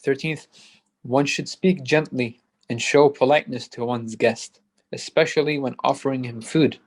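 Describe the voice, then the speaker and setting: A man reading a translated religious commentary aloud, point by point in a steady manner. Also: mid-range voice, moderate pace. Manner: steady, numbered points read from text. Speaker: student reader.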